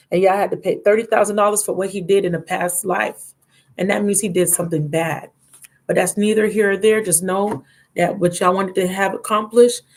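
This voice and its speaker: A woman with a drawl leads a live tarot session. She reads card meanings aloud and talks warmly and familiarly to her viewers in a mid-range voice. Her delivery is loose and conversational. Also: medium pitch. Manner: chatty, affectionate, reads card texts aloud. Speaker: tarot reader. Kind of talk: live tarot reading and chat.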